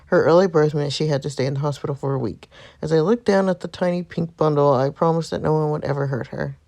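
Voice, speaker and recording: A woman reading a game's narration as a devoted, protective young man, in an earnest storytelling way with a gravelly texture. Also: sits low, fast talker, a little mellow. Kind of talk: reading game narration aloud.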